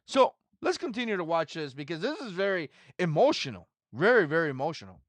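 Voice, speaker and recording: Indignant man in his forties, animated delivery. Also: a little high, brisk. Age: 40s. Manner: indignant, repetitive. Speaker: commentary channel host. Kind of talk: reaction commentary.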